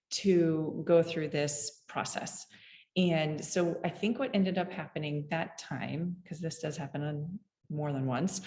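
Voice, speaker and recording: A woman's voice: fairly low pitch, darkish tone. Candid woman telling a parenting story. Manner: candid and musing, often chuckling at herself. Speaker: parenting podcast host. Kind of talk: reflective personal storytelling. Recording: roomy echo.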